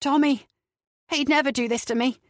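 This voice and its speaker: A woman's voice: high-pitched, fairly even intonation, moderate pace, no echo, clean studio sound, pitched above the performer's own voice, close to an everyday voice. A woman voicing a big, frightened man who pleads pitifully with a detective. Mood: pleading. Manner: whiny and pleading.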